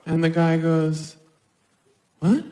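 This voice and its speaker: A woman performing a stand-up comedy set, talking animatedly and slipping into quick voices for other people. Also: fairly low pitch, lively intonation, over a noisy crowd, very noisy. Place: live comedy stage. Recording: roomy live stage sound.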